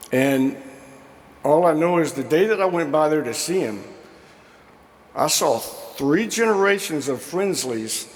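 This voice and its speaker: A man's voice: mid-range voice, a little hiss or hum. A man telling affectionate stories at a memorial, with lots of fillers and imitations of his old coach, speaking at a podium mic in a large school gym. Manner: warm storytelling with fillers, mimics quoted coach. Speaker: memorial speaker, former player. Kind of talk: anecdotal eulogy. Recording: echoey gym with long reverb.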